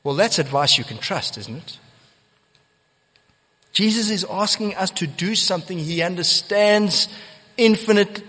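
A man's voice: high-pitched, animated, unhurried, pauses often, fairly bright tone, breathy edge. A man preaching a sermon as pastor, earnest and emphatic, repeating key phrases for weight. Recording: long church hall reverb.

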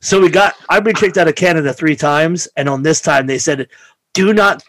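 Animated, profane man telling road stories. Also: on the high side, brisk, no room sound. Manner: animated, profane, acts out quoted voices. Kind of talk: casual storytelling chat.

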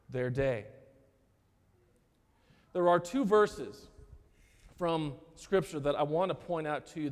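Man, pastor, sermon, high voice, earnest preaching, long church reverb. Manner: earnest preaching with repeated words and dramatic pauses. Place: church sanctuary.

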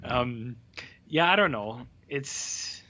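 A man's voice: medium pitch, lively intonation, very slow, bright, forceful tone, highs cut off. A man co-hosting a podcast, griping about a film in casual, profane chat full of fillers. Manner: profane, exasperated, lots of fillers. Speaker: podcast co-host.

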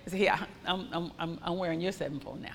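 A woman preaching a sermon with fervent, repetitive declarations that rise into loud praise. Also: fairly low pitch, fairly even intonation, fast talker, vocal fry, long reverb tail, a little hiss or hum.

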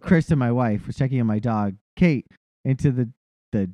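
A man in casual chat who swears a lot and tells rambling, animated stories. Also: medium pitch, moderate pace, no echo.

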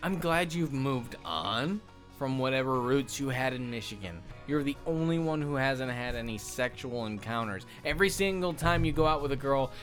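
A man trading brash, crude, deadpan jokes in an improvised comedy bit. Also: mid-range voice, moderate pace, soft background music. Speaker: comedy sketch performer.

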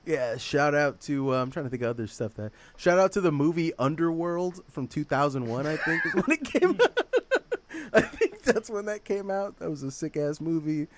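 Animated, laughing man chatting. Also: a little high, normal speed. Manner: laughs often, rambling and animated. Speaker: podcast co-host. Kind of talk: casual chat.

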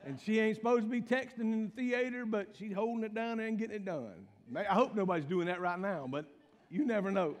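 Preacher man, real high voice, folksy jokey sermon, big echoey church hall. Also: brisk. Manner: folksy storytelling with call-outs to the congregation. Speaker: pastor. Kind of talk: humorous sermon.

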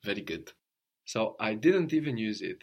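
A man leads a guided language lesson with a somewhat low voice. He explains patiently, prompts his student with questions, and tags his points with "no?". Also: sing-song, normal speed. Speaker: language teacher.

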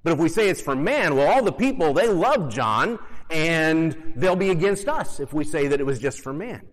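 A man's voice: fairly high pitch, lively intonation, normal speed, long reverb tail, natural voice, rough recording. A preacher voicing a group of anxious male priests reasoning aloud in a sermon retelling. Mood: fretful.

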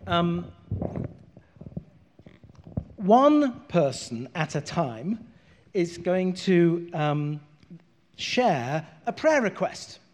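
A man leading a prayer session, calmly instructing a gathering in a large room. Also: sits high, very slow, long pauses. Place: large bright room with an audience. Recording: reverberant hall.

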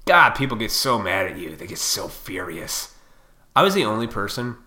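Bright-voiced man ranting on his podcast. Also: on the low side, sing-song, moderate pace. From Illinois. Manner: profane, combative rant with mocking voices. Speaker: podcast host.

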